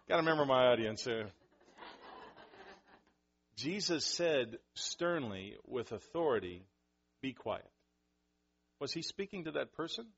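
A man preaching a sermon, animated, acting out scenes with sudden loud outbursts. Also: mid-range voice, gravelly, slightly rough, lo-fi sound. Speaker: pastor.

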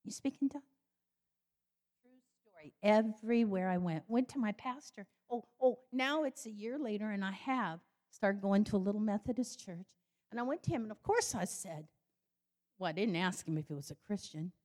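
An older woman telling her personal faith story, animated and acting out the voices she quotes. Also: normal speed. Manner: animated, acts out quoted voices with sudden high jumps. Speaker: speaker giving a personal faith testimony.

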